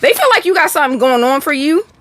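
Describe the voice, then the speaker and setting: Chatty high-voiced Texan woman. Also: animated, fast talker, fairly bright tone, no room sound. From Texas. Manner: chatty, slangy, talks to chat, laughs often. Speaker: tarot reader. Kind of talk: casual livestream tarot reading.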